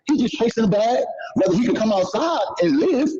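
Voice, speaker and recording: A man's voice: extremely high pitch, expressive, a little fast, mellow, a little hiss or hum. A man telling stories in a casual, swearing, repetitive street-talk manner. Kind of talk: casual storytelling. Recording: dull lo-fi clip audio.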